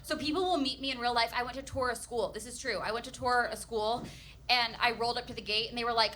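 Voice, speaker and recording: A woman's voice: a little high, fast talker, a crowd in the background. A woman, a comedian and former kindergarten teacher, telling playful stories at a live comedy Q&A. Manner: animated, playful storyteller. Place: stage before a live audience.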